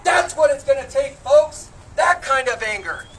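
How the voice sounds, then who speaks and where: A woman's voice: high-pitched, very animated, normal speed. A woman running for office giving an impassioned rally speech outdoors at a protest, recorded from a distance. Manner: impassioned, builds to shouted call-and-response. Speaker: congressional candidate speaking at a protest. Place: outdoors on steps at a street protest. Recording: distant street recording with crowd noise.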